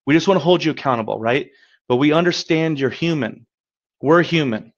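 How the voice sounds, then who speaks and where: A man's voice: fairly high pitch, a little fast, dull audio. A man giving a webinar as a coach, talking in an upbeat, encouraging, conversational way, often checking in with "right?". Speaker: credit repair coach. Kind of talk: webinar presentation.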